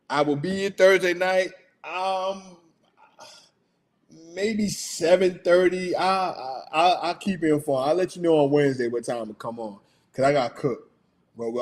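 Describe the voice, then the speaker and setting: This middle-aged podcast host has a slightly high voice with a darkish tone. He closes out his own show casually, rambling, chuckling frequently, with his throat going out.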